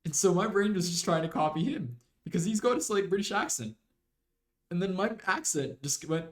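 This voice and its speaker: A man's voice: high-pitched, lively intonation, normal speed. Chatty young man in an echoey room. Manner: rambling, chatty, slips into mock British slang. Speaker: streamer. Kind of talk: casual live-stream chat while gaming.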